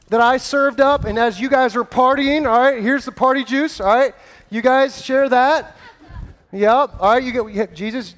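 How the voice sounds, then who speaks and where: A man leading an interactive Bible story on stage, playful and energetic as he coaches volunteers in front of a live audience. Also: very high-pitched.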